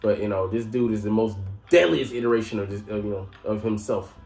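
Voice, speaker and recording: A man's voice: fairly low pitch, brisk, a little mellow. A man giving casual anime commentary, rambling with lots of fillers and profanity. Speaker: anime reviewer. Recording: echoey room, faint music.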